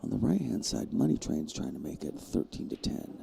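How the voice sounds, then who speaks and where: A man's voice: brisk, creaky. A man commentating a live pool match with a jokey, self-mocking manner. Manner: jokey, self-mocking, jumps to high excited bursts.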